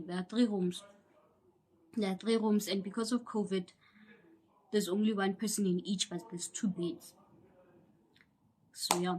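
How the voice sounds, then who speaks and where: A young South African woman telling a personal story in a casual, animated way, acting out the people she quotes and sometimes dropping into a whisper. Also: medium pitch. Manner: animated, acts out quoted voices, drops into whispers. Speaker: YouTuber.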